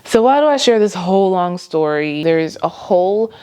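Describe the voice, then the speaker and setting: Earnest reflective woman vlogger, lower voice. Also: animated, moderate pace, warm tone, clear, resonant tone. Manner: earnest and reflective, with light laughs. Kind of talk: faith-based personal vlog.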